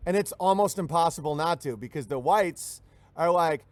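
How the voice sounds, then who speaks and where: A man's voice: a little high, moderate pace, no room sound. A man, a comedian, ranting jokingly and rambling, often slipping into mimicked voices. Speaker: comedian hosting a talk stream. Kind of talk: joking rant.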